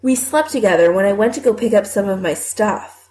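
A woman's voice: medium pitch, expressive, fairly quick, a little mellow, lightly acted. A woman reading an audiobook voices a miserable young man who speaks in a terse, subdued way. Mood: upset. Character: glum, weary young man, miserable and blunt. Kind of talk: audiobook character voice.

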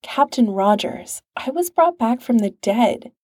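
A woman reading a composed, sincere male agent who speaks in a measured, formal way. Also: on the high side, big pitch swings, mellow, no echo, clean studio sound.

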